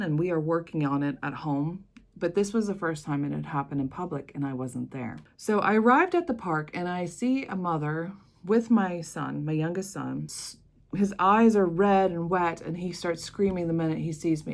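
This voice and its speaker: A woman's voice: sits low, vocal fry. American woman telling a personal story. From United States. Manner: earnest, conversational, with emphatic rises. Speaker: vlogger.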